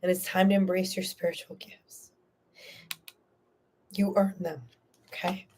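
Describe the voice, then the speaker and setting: A woman's voice: lowish voice, flat delivery, unhurried, darkish tone, a little hiss or hum. A woman hosting a live tarot reading, talking earnestly and emotionally to a viewer in a soothing, reassuring way. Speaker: tarot reader and host.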